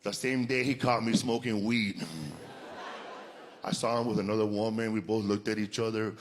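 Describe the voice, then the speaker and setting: A man telling a stand-up story in a deadpan way. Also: lowish voice, moderate pace. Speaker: comedian. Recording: noisy live recording.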